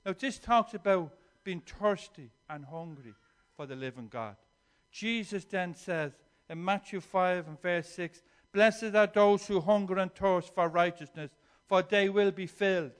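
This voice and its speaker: A man preaching with a notably high voice. He moves between soft, reflective stretches and forceful, emphatic declarations, often restarting and repeating words as he builds a point. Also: measured pace. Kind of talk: sermon.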